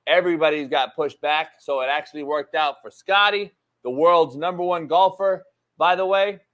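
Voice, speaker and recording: A man's voice: fairly high pitch, normal speed. Emphatic, swearing sports talk host man. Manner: animated, emphatic, swears casually, repeats key points. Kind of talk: live sports talk commentary.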